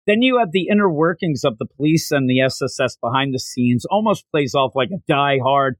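A man co-hosting a casual podcast chat, animated, acting out quotes with big jumps in pitch. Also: fairly quick, no room sound. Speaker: podcast co-host. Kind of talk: casual chat recapping an anime episode.

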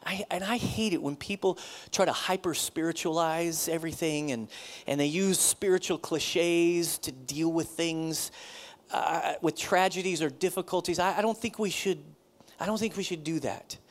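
Animated man preaching a sermon. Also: a little high, normal speed. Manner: conversational, animated preaching with repetitions. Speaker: pastor.

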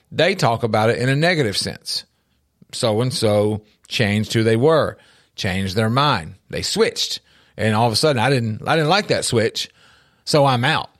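A middle-aged man co-hosting a casual talk show about faith and life, telling stories with lively emphasis and often repeating words as he starts a sentence. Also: medium pitch. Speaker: podcast co-host.

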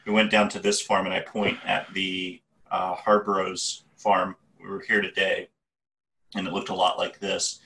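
A man playing a tabletop game, speaking haltingly in character. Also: sits low, completely flat delivery, bright, forceful tone, far from the mic, a little hiss or hum. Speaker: player. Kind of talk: tabletop role-play.

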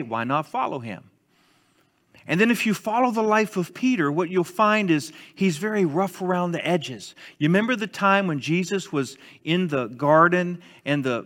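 A man's voice: sits high, big-room sound. A man preaching a sermon as pastor, telling stories conversationally and acting out the quotes. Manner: conversational, animated storytelling with acted-out quotes.

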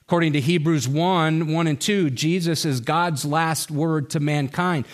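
Slow, emphatic male preacher. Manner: slow emphatic preaching with wide swings in pitch. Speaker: pastor. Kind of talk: sermon.

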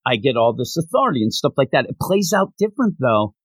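A young man co-hosting a casual podcast, rambling and animated as he jumps between tangents. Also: medium pitch, fast talker, slightly rough, no room sound. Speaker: podcast co-host. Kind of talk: casual chat.

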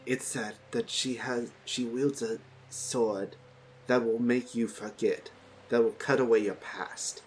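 Man, game master, casual narration, mid pitch, faint background noise. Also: fairly even intonation, takes it slowly. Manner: casual, playing townsfolk in his own voice.

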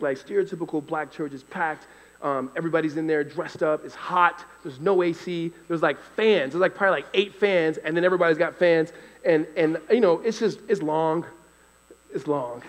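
A man from California telling a live faith testimony, animated and often laughing as he acts out voices. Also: a little high, moderate pace, in a large hall, poor audio. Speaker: storyteller giving a faith testimony.

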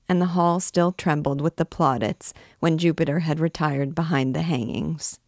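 A low-voiced woman narrates a classic novel as a scripted audiobook reading. Her tone is a little mellow, and the studio sound is clean with no room noise.

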